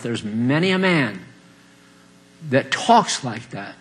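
A man's voice: fairly high pitch, sing-song, a little slow. Folksy older man preaching a sermon. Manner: folksy, chuckling, swings between loud emphasis and quiet asides.

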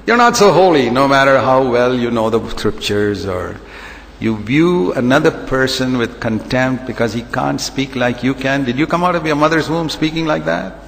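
A man's voice: mid-range voice, expressive, normal speed, creaky, in a large hall, poor audio. A man preaching a sermon as a pastor, emphatic and repetitive, firing rhetorical questions.

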